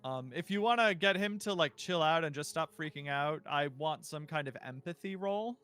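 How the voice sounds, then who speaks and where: Bright-voiced man running the game. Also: fairly high pitch, normal speed, clear, resonant tone, faint music behind. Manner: casual, loose, with many fillers. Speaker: game master. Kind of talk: narrating a tabletop game.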